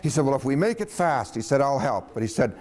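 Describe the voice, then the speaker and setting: A man telling a personal story in a casual, animated way, chuckling as he goes and acting out the voices of the people he quotes. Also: medium pitch, fast talker.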